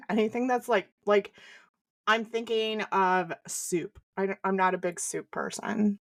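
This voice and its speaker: A woman's voice: medium pitch, steady tone, measured pace, no room sound. Playful woman podcaster, dry sound. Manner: playful, rambling with fillers. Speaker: podcast co-host. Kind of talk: casual chat.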